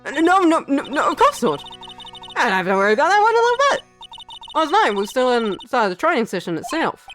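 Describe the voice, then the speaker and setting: A woman's voice: high voice, big pitch swings, brisk, voice pushed up. Woman reading an old nun, rambling complaints, tune playing behind. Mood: flustered. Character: old female head nun with an aching back. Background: game music.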